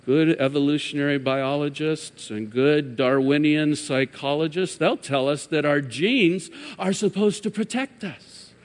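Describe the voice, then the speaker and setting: A man preaching a sermon as pastor, swinging from emphatic raised peaks to hushed, quiet drops. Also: a little high, unhurried, few pauses. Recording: long hall reverb.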